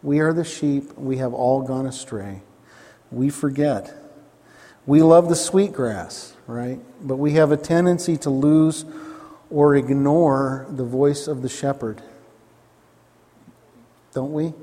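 A man's voice: mid-range voice, slow, long pauses, dark tone. Emphatic preacher man in a reverberant hall. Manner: emphatic, repeats key phrases, asks the listeners questions. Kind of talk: sermon.

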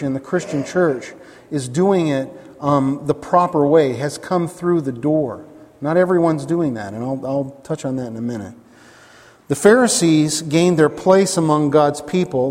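A man's voice: on the high side, darkish tone. Emphatic pastor man in a reverberant hall. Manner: emphatic, repeats lines, asks the congregation questions. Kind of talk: sermon.

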